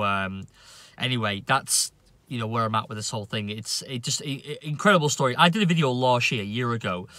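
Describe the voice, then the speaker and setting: Forceful, indignant man ranting. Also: medium pitch, no room sound. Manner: indignant, profane, halting with many restarts. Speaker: cricket vlogger. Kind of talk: opinion rant to camera.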